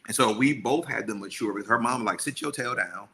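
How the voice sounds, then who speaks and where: A man's voice: medium pitch, fairly quick, vocal fry, bright, forceful tone, a little hiss or hum. A middle-aged man co-hosting a podcast, telling a story in casual chat and acting out the people he quotes. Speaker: podcast co-host.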